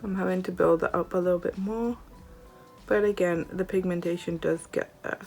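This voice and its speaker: A woman doing a makeup tutorial, gushing and excitable as she tries eyeshadow shades. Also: fairly low pitch, normal speed, vocal fry, faint music behind. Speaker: beauty vlogger.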